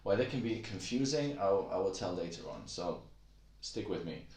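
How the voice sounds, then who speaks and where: A man with a fairly low voice talks through a casual language lesson in a roomy, echoing space. His explanations are relaxed and full of "uh" fillers. He breaks into high, exaggerated syllables to demonstrate the tones. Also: normal speed. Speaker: Mandarin tone teacher.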